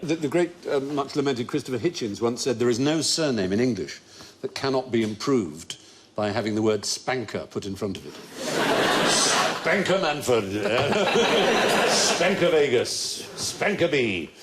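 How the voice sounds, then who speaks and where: A man's voice: medium pitch, expressive, measured pace. Erudite older man hosting a quiz show. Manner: erudite, storytelling, laughs often. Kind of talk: witty panel show hosting. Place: TV studio before a live audience. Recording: studio audience and faint noise.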